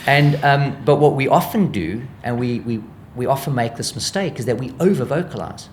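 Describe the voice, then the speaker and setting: A man's voice: medium pitch, moderate pace, a little hiss or hum. A man with a South African accent, an animal behaviourist guest, explaining dog training in an interview and acting out what dogs think. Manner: lively, acts out dog thoughts in voices.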